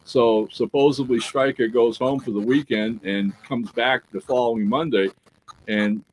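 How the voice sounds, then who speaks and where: A man in a casual podcast chat, spinning a story with lively energy and a mid-range voice. He keeps checking in with his listener and slips into acted bits of dialogue. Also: medium pitch, slight background noise, low-quality recording. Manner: animated storyteller who acts out quoted dialogue; peppers talk with "right?" and "all right?". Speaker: podcast co-host.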